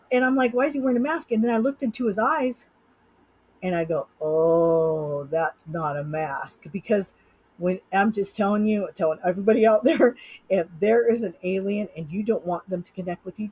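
A woman's voice: medium pitch, a little fast, darkish tone, slightly rough, rough recording. A middle-aged woman from Utah, a hypnotist guest in an interview, telling a personal story with animation and acting out her own thoughts. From Utah, USA.

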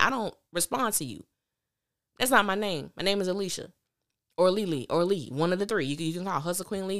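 A woman hosting a podcast, giving a casual and opinionated recap of a TV drama with lively, animated delivery. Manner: animated, opinionated, quick swings of pitch.

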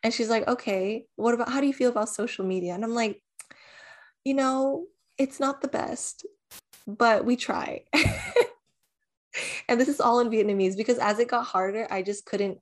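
A woman's voice: a little high, steady tone, moderate pace, long pauses. A young woman co-hosting a podcast, chatting casually, laughing and swearing as she acts out little scenes. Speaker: podcast co-host. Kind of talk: casual chat.

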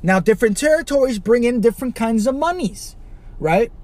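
A man from Chicago hosting a podcast, ranting alone with constant swearing, rhetorical questions and sudden loud outbursts. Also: very high-pitched, lively intonation, brisk. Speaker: podcast host. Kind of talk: profane solo rant.

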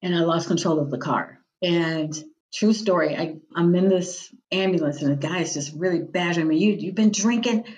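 A woman's voice: on the low side, normal speed, darkish tone. A woman guest on a podcast, telling personal faith stories and acting out the voices of the people in them. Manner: vivid storyteller who acts out quoted voices. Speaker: guest, executive director of a nonprofit.

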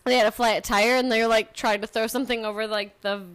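A woman's voice: fairly high pitch, fairly even intonation, quick pace, a bit bright, smooth. A young woman co-hosting a casual podcast chat, ranting with heavy swearing and frequent laughter. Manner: profane, ranting, laughs a lot. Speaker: podcast co-host.

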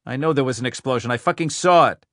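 A man's voice: mid-range voice, lively intonation, a little fast, fairly bright tone, no echo, clean studio sound. A man voicing a commanding, impatient middle-aged male detective who barks demands and swears. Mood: angry. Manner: barking, demanding, profane.

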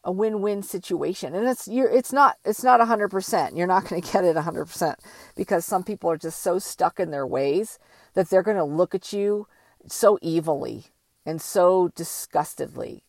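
An older woman talking slowly and thoughtfully in a reflective personal monologue, with many pauses and fillers. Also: on the low side, darkish tone, no echo.

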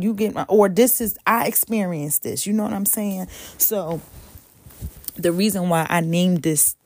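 A woman talks through her faith on a home podcast, her voice low and gravelly with a little fry. She rambles in a casual way, corrects herself mid-sentence, and speaks straight to listeners as "y'all." The recording is dry and close, with no room sound. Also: dark tone, dry recording. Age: adult, mother of a toddler. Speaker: podcast host.

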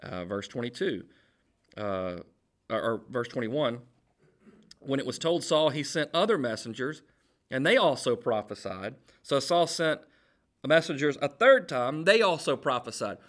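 A man preaching a sermon as jokey, animated storytelling, acting out the people in the story. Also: mid-range voice, a little slow.

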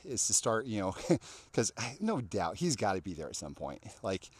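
Podcast host, male, slightly low voice, loose and rambling delivery. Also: sing-song, moderate pace, husky, dry recording. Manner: rambling, lots of fillers and restarts. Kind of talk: casual interview chat.

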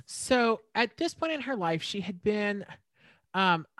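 A woman's voice: mid-range voice, very animated, slow, a bit bright, no echo. A woman co-hosting a podcast, recounting a case in casual chat with frequent fillers. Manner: storytelling with many fillers and restarts. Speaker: podcast co-host.

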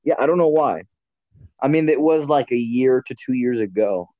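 A man's voice: medium pitch, animated, normal speed. Rambling casual man, dull lo-fi sound. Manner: rambling, self-correcting, blunt and profane. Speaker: podcast host. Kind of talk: casual chat.

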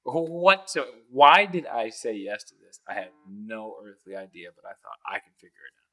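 A man guesting on a podcast, telling stories casually and acting out other people's lines with big jumps in pitch, laughing often as he goes. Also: normal speed. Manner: animated, acts out quoted voices with big pitch jumps; laughs often mid-story. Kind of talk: casual storytelling.

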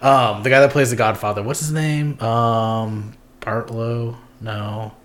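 A man's voice: medium pitch, fairly even intonation, slow, a bit bright. A young man hosting a casual podcast chat, rambling with lots of ums and giggles. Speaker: podcast host.

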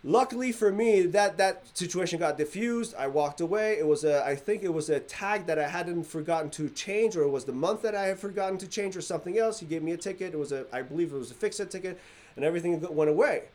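A man from the Middle East telling a story in casual podcast chat, animated and acting out quoted dialogue. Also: high-pitched, quick pace.

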